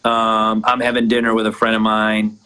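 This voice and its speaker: A man's voice: lowish voice, completely flat delivery, normal speed, sharp tone, smooth, low-quality recording. A man, a guest entrepreneur, casually telling a personal story with many restarts.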